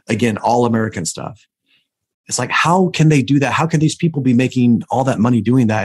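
A man's voice: mid-range voice, breathy edge. A man hosting a podcast, enthusiastic and telling stories as he talks with his guest. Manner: enthusiastic, storytelling. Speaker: podcast host. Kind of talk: casual interview talk.

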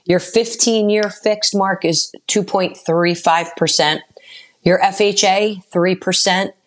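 A woman co-hosting a talk radio show and explaining mortgage rates and home buying clearly. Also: mid-range voice, fairly even intonation, slow, slight background noise. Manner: informative, reads out rates and phone numbers. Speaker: mortgage lender and radio co-host.

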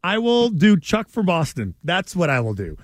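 A man co-hosting a radio sports show in casual banter, animated and emphatic, quick to complain. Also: high-pitched, no room sound, clean studio sound.

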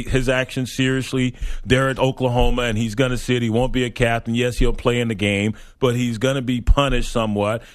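A man's voice: mid-range voice, no echo, studio quality. A man co-hosting a sports talk show, chatting casually and laughing often. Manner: animated, laughs often, teasing.

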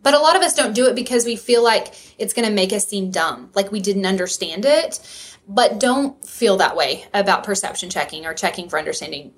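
A woman in a casual discussion who affirms others' points and explains communication ideas in a teacherly way. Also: medium pitch. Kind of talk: casual chat.

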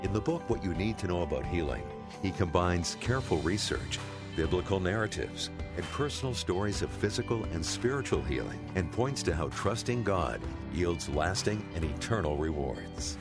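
A man reading a scripted radio promo as the program announcer, in a steady, formal, promotional tone. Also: low-pitched, normal speed. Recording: loud music bed under the voice.

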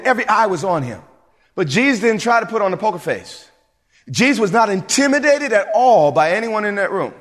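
Male pastor, high and husky voice, lively sermon delivery. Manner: animated preaching, repetitive fillers. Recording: reverberant hall.

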